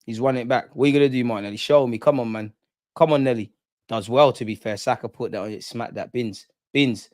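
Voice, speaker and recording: A man's voice: mid-range voice, brisk, a little mellow, no room sound. A young man hosting a live football watch-along, reacting passionately with slang, banter and frequent swearing. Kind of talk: live match reaction commentary.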